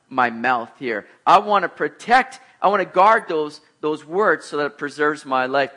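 A middle-aged man preaching a sermon, telling lively personal stories and acting out the voices of the people in them. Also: fairly high pitch. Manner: animated storyteller, acts out voices, laughs at himself. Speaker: pastor.

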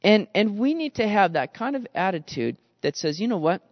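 A man with a high voice preaches a lively, conversational sermon and keeps slipping into the grumbling voices of the people in his story. He talks straight to his listeners and calls them guys. The recording is dry and a little dull. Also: moderate pace, no room sound, long reverb tail. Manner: animated, acts out quoted grumbling voices. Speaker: pastor. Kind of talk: expository sermon.

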